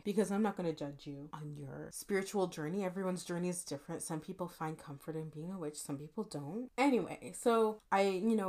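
Sassy, joking young woman podcaster. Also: on the low side. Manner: sassy, animated, jokey. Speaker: podcast host. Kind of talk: casual solo podcast monologue.

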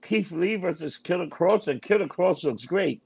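A man with a high voice and a gravelly, creaky edge, chatting casually on a podcast. He gossips, swears freely and laughs often. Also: expressive, normal speed, a little mellow. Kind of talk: casual chat.

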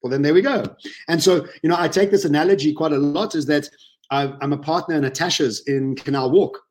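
Male guest, lively emotional storyteller, slightly high-pitched, webinar chat. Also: fairly quick. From South Africa. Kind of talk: casual webinar interview.

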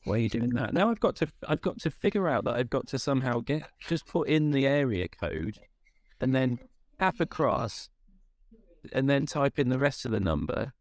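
A man's voice: medium pitch, animated, moderate pace, dry recording. Exasperated rambling man. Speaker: podcast co-host. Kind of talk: casual chat.

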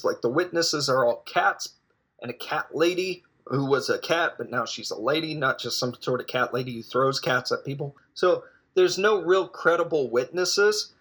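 A man's voice: medium pitch, fairly bright tone, husky. A man recapping a foreign film in a rambling, jokey way with lots of asides. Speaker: film reviewer.

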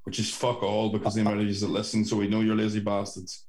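A man's voice: lowish voice, monotone, fast, darkish tone. A young Northern Irish man co-hosting a podcast over a video call, rambling and swearing in casual chat. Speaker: podcast co-host. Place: sister's bedroom at home.

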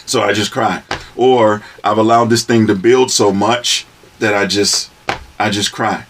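A man, a father, in a casual group talk, explaining his views in a relaxed way with everyday analogies. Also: lowish voice, measured pace, a little hiss or hum.

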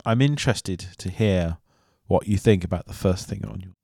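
A man's voice: low voice, moderate pace, vocal fry, darkish tone, breathy edge, dry recording, studio quality. A man hosting a podcast in casual chat, who laughs easily and moves the talk along. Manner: laughs easily, leads the segments. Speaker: podcast host.

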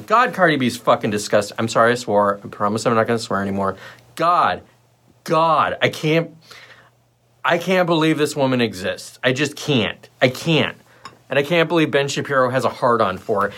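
A male livestream host who talks in a loose, rambling way, blunt and sarcastic throughout. His pitch swings widely, giving an animated, restless delivery. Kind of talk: casual solo livestream talk.

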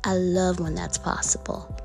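A woman with a lowish, darkish voice and vocal fry reads affirmation cards in a casual, playful vlog, her delivery flat over faint background music. She draws words out and slips into whispered asides.

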